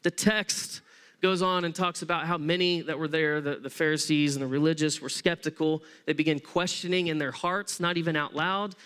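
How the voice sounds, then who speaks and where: A man preaching a sermon as pastor, conversational and animated, acting out the people in the story as he tells it. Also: on the high side, normal speed, clear, resonant tone. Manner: acts out voices of people in the story.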